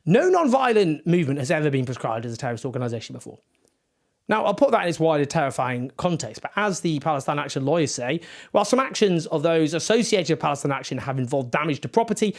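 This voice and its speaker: A man's voice: a little high, very animated, fast. A man giving impassioned, indignant political commentary with sarcastic asides.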